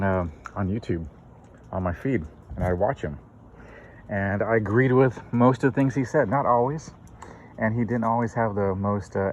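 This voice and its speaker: A middle-aged man hosting his own channel, giving a political opinion monologue with many fillers and restarts. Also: low-pitched. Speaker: channel host. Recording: dull lo-fi recording with faint noise.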